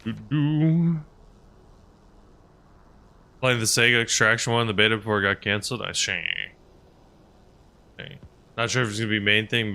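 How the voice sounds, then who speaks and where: A man's voice: medium pitch, bright, forceful tone, clear, resonant tone. A male streamer in casual live-stream chat, rambling and answering his chat's messages as he plays.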